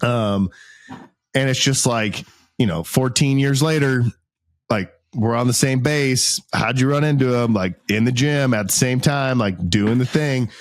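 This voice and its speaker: A man's voice: medium pitch, unhurried. A man co-hosting a podcast, telling a rambling story in casual chat, full of "like" and laughing as he goes. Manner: rambling, filler-heavy, laughs while telling stories. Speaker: podcast co-host.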